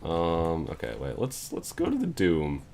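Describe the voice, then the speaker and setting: A man's voice: sits low, huge pitch swings, unhurried, creaky, noisy background. A young man streaming a game, thinking aloud and muttering to himself as he works things out in casual commentary. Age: young adult.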